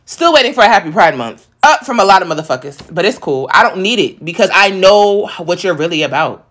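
A woman's voice: on the low side, lively intonation, fairly quick, a bit bright. A thirty-year-old woman chatting casually and speaking her mind. She is blunt and emphatic and swears freely. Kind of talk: casual chat.

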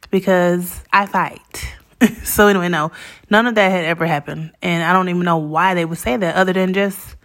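Candid slangy woman storytelling. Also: medium pitch. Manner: candid, slangy, animated in quoted dialogue. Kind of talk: casual storytelling monologue.

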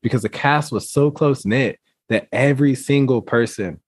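A man talking casually on a podcast, relaxed and full of fillers. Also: mid-range voice, normal speed, breathy edge, dry recording. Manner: relaxed, filler-heavy talk. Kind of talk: casual chat.

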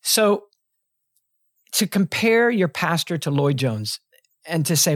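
Speaking slowly and expressively with frequent pauses, this pastor in his fifties shares a personal story on a podcast, earnest and reflective, restarting often. His slightly high voice comes through a close studio mic at studio quality, without echo.

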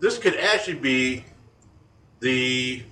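A man's voice: medium pitch, lively intonation, slow pace, sharp tone, a little hiss or hum. A man co-hosting a casual chat, retelling folklore in a rambling, joking way with many fillers. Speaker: podcast co-host. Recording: roomy, distant mic, faint ambience.

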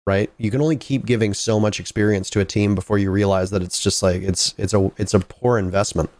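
Guy hosting an esports chat, kinda low voice, loose rambly questions, dry sound. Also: fairly even intonation, brisk, darkish tone, dry recording. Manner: rambling, many restarts and asides. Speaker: interviewer. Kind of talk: casual esports interview.

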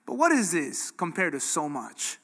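A man preaching a sermon in a lively, conversational way, often asking the audience questions. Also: fairly high pitch, normal speed, creaky, big-room sound. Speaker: pastor.

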